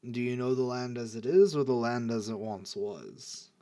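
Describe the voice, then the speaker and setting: A man's voice: medium pitch, moderate pace, mellow, lightly acted. A man voicing an old male giant who speaks in formal, grave warnings.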